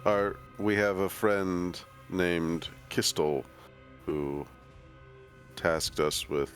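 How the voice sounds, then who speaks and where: A man playing in a tabletop game, speaking in a halting, deliberate way. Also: low voice, faint music behind. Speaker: player. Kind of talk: casual tabletop play.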